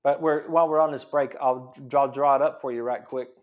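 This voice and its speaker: A man's voice: mid-range voice, fairly even intonation, a little fast, lo-fi sound. A man hosting a health talk show as a chiropractor, explaining things emphatically and often restarting and repeating his phrases. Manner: repetitive, emphatic teaching with restarts.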